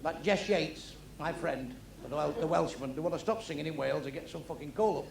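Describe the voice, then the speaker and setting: Gravelly-voiced comic, echoey club. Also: male voice, fairly high pitch, a little fast. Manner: blunt, crude, deadpan storytelling. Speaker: stand-up comedian. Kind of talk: stand-up comedy routine. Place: comedy club with a live audience. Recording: echoey club recording with crowd noise.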